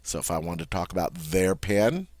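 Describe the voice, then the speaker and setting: A man teaching French grammar in a patient way, often repeating words slowly and checking in with "all right?". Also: low voice, darkish tone. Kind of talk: classroom grammar lesson.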